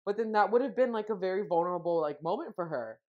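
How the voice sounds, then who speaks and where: Fast-talking and expressive, this young woman co-hosts a podcast with a mid-range voice. The casual chat is rambling, packed with fillers and restarts, and the recording is muffled and lo-fi.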